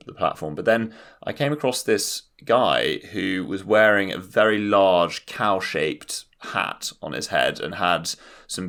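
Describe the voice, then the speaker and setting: A man's voice: low-pitched, sharp tone. A young British man from London co-hosting a comedy podcast, telling anecdotes in a wry, dry way. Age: young adult. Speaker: podcast co-host. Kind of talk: casual comedic storytelling.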